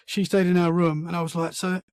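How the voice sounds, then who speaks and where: A man, a podcast guest, telling a story in casual conversation, animated and full of restarts. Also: high voice, a little fast, smooth, dry recording. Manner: animated storyteller, acts out sounds and quotes; many restarts and "man" fillers.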